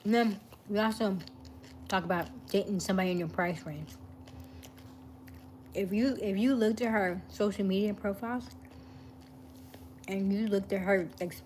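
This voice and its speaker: A woman hosting a casual live stream, chatting in a relaxed way, greeting viewers by name and snacking while she talks. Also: medium pitch, slight background noise.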